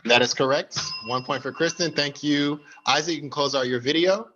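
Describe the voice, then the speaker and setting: Bright-voiced man hosting a video-call game. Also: on the high side, normal speed, highs cut off, a little hiss or hum. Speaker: game host. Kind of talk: hosting an online party game.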